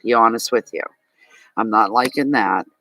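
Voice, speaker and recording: A man's voice: fairly low pitch, moderate pace, sharp tone, slight background noise, rough recording. A man with a Maritime Canadian accent giving a live tarot reading, talking chattily and animatedly to his viewers and answering chat comments. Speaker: tarot reader.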